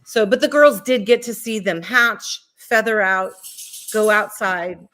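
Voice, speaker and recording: A woman's voice: mid-range voice, a little slow, a bit bright, soft background music. Chatty middle-aged woman. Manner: chatty, storytelling, laughs easily. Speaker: guest. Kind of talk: casual interview chat.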